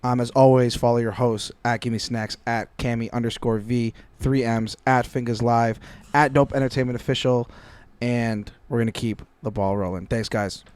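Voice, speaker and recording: A man's voice: mid-range voice, steady tone, normal speed, darkish tone, clean tone. A man hosting a podcast who wraps up the episode in a casual, loose way, with plenty of filler words. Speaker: podcast host and DJ. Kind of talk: casual chat.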